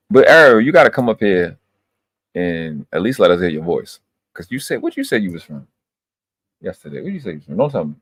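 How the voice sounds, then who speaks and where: Deep-voiced man, profane and lecturing. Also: sing-song, brisk, fairly bright tone, no room sound. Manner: emphatic, lecturing, heavy swearing. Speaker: live stream host. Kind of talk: casual profane monologue.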